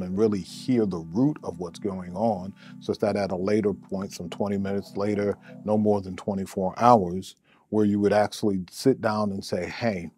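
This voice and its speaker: Man, therapist, mellow low voice, measured advice, music faintly behind. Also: husky. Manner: measured, repeats words while thinking. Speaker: therapist answering a listener question. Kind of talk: advice talk to camera.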